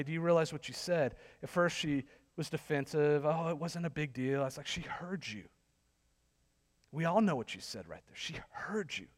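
A man's voice: a little high, in a large hall. A male pastor preaching a sermon, telling a story that builds to sarcastic intensity.

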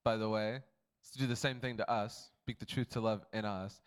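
A man's voice: fairly low pitch, fairly even intonation, a little fast, clear, resonant tone. A man pastor giving a casual, chatty talk to his church on a handheld mic, laughing often. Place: church building. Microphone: handheld microphone.

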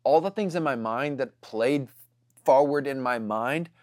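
A man's voice: medium pitch, a little slow, darkish tone, no room sound, studio quality. A man telling a casual story to his congregation, chatty and full of fillers.

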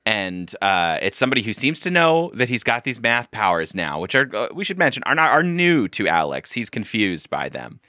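Animated man with a bright voice. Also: fairly low pitch, moderate pace, hardly any pauses, no room sound, clean studio sound. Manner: animated, profane, laughs often. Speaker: podcast co-host. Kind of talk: casual chat.

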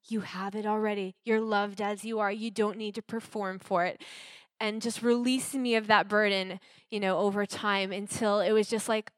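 A woman's voice: mid-range voice, no room sound, clean studio sound. A woman earnestly sharing a personal faith testimony. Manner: reflective, earnest.

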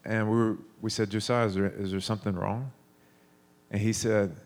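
A man's voice: lowish voice, fairly even intonation, moderate pace. A man in his thirties preaching a sermon, telling stories in a conversational way with frequent restarts.

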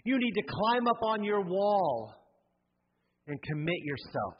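A man's voice: sits high, sing-song, slow, husky. A man preaching a sermon as a pastor, telling a Bible story with jokes and building to a rousing call to commit. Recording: dull sound with long hall reverb.

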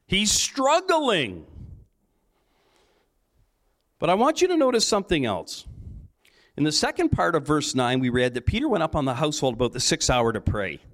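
Man, lead pastor. High, lively preacher who acts out joking dialogue in his sermon. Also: fairly quick. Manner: storytelling with playful acted-out dialogue and jokes.

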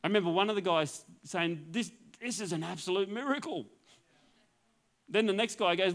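Man telling a lively testimony. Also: high voice, moderate pace. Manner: storytelling, acts out dialogue, laughs often. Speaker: pastor. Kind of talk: testimony sermon.

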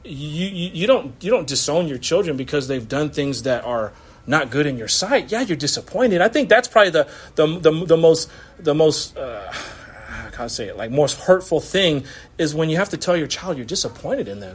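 Pastor, male, high-pitched, conversational sermon with frequent laughs. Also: sing-song, moderate pace, slightly rough. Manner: conversational, laughing often, acts out quotes.

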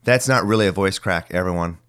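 Forties male host, very low and phlegmy, rambling solo talker with some cursing. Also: brisk, a bit bright, clean tone. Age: 40s. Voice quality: phlegmy voice that cracks. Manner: rambling, musing, mildly profane. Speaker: podcast host. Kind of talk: casual solo monologue.

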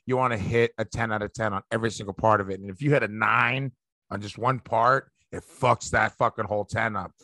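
Male comic guest, bright and tense, excitable and swearing; dry close sound. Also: on the low side, brisk, no room sound. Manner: profane, excitable, rambling. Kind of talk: casual podcast chat.

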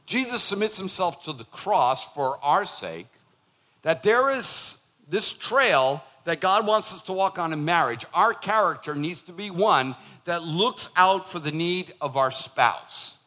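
Joking pastor, man, preaching with a high, bright voice; playful delivery. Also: a little slow. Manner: animated and joking, acts out quoted voices. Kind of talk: sermon. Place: church.

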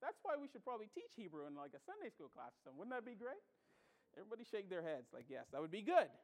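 A pastor preaching a sermon, animated and storytelling, swinging between loud exclamations and hushed asides. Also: male voice, high-pitched, very fast. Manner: tells stories and acts out reactions.

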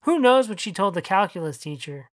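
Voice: medium pitch, big pitch swings, brisk, no echo, studio quality. An author narrating their own short story and then chatting casually about it. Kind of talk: audiobook reading and casual commentary.

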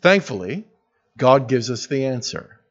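A man's voice: mid-range voice, lively intonation, measured pace. A man preaching a sermon as pastor, earnest and building to emphatic peaks, with wry self-deprecating humor. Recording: dull lo-fi recording.

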